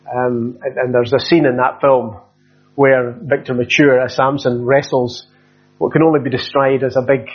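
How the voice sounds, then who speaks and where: A man's voice: medium pitch, level tone, normal speed, slightly rough. A man preaching a sermon in a conversational way, with many fillers and restarts. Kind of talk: expository sermon. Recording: dull lo-fi sound.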